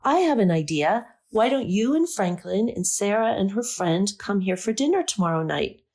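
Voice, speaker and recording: A woman reading the part of a kind, tactful older woman who speaks in a gentle, coaxing way. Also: medium pitch, animated, normal speed, pitched above the performer's own voice.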